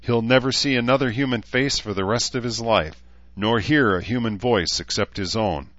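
A man's voice: medium pitch, normal speed, a bit bright, no room sound, dull audio, voice pushed up, lightly acted. A man doing a firm, commanding woman leader. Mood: earnest, firm. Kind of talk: audiobook character voice.

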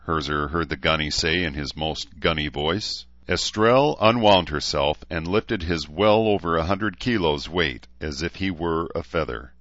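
Male audiobook narrator, very low pitch, dry close mic, slightly muffled lo-fi recording. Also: measured pace, a bit bright, dry recording. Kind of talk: scripted narration.

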